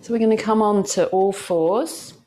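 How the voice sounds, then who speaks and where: A woman teacher guiding a yoga class, talking gently and soothingly and counting breaths aloud. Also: medium pitch, moderate pace. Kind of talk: guided yoga class instruction.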